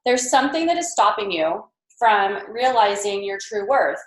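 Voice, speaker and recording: A mother presenting at a team training to a live group, telling animated stories and acting out quoted voices. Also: medium pitch, moderate pace. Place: meeting room with a live audience. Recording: echoey room.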